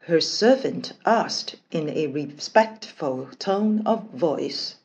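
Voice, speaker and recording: Very slow, expressive woman storyteller. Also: deep voice. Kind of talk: storybook narration.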